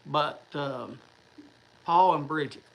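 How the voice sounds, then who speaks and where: Over poor audio, a man with a fairly high, gravelly voice talks slowly to his livestream viewers. His casual chat is rambling, full of fillers and restarted sentences.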